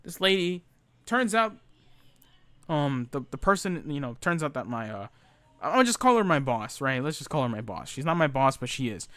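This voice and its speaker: A young man tells retail horror stories in a loose, cursing rant full of restarts and fillers. His voice sits a little high. The recording is close and dry. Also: big pitch swings, moderate pace, fairly bright tone, dry recording. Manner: profane, ranting, frequent fillers and restarts. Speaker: former retail worker telling stories. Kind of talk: casual storytelling rant.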